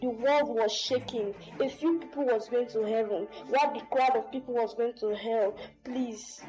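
A woman with a high but mellow voice pleads with her listeners in a halting testimony. Faint music plays behind her. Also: fairly even intonation, muffled recording. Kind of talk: preaching testimony.

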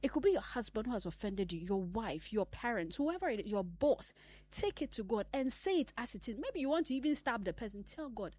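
A woman's voice: on the high side, very animated, fairly quick, dry recording. Impassioned woman preaching a sermon. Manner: emphatic, swings between loud exhortation and hushed whispers.

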